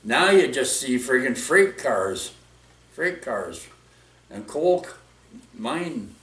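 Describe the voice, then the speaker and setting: A man with a Canadian accent rants casually in a middle-pitched voice, rambling and restarting his thoughts. He is recorded from a distance in an echoey room. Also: sing-song, slow pace, a bit bright. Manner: rambling, full of fillers and restarts, says "friggin'" and "eh". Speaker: vlogger. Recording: echoey room, mic far off.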